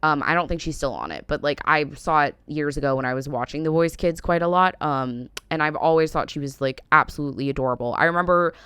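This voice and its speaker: An American woman in her thirties rambles through an opinionated, casual reaction vlog, her deep, fairly bright voice expressive and fast with few pauses. She leans hard on "like" and "um," and the clean audio has no echo.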